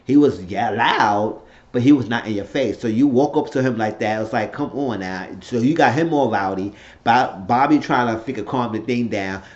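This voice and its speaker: A man's voice: medium pitch, moderate pace, lo-fi sound. Blunt, opinionated man recapping. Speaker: TV show reviewer. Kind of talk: casual unscripted recap.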